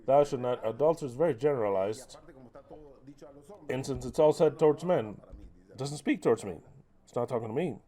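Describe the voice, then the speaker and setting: A male preacher delivers a heated, combative sermon. His voice is warm and mellow and sits in a middle register. He mocks, curses and presses his listeners with rhetorical questions. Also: medium pitch, normal speed, long pauses. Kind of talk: impassioned sermon.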